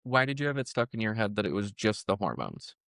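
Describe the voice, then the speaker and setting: Male podcast host, lowish resonant voice, gentle interviewer, close dry mic. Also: fast talker, gravelly, no room sound. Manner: calm, probing, empathetic questioning. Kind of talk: interview questions.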